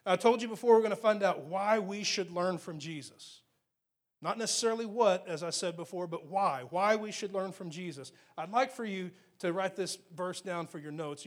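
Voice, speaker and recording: A man preaching a sermon, earnest and teaching, slowing down to read scripture and rising to emphatic points. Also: sits high. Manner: slows to read scripture aloud. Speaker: pastor.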